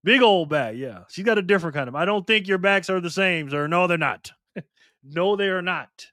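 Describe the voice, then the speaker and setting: A man's voice: sits high, moderate pace, bright, forceful tone, no echo, studio quality. A man hosting a live stream, casually reading viewer comments and trading teasing, slangy banter with lots of laughter.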